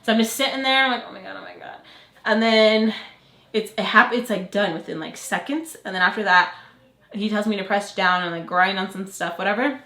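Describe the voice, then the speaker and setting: A young woman vlogger telling a story to the camera in a chatty, animated way, full of fillers. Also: mid-range voice, fairly quick. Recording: echoey room.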